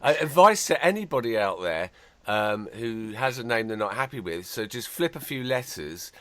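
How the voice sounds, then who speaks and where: A man hosting a podcast, chatty and rambling with many fillers, his voice lowered by a slight cold. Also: big pitch swings, moderate pace, a bit bright, no room sound. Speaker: podcast host. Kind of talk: casual interview chat.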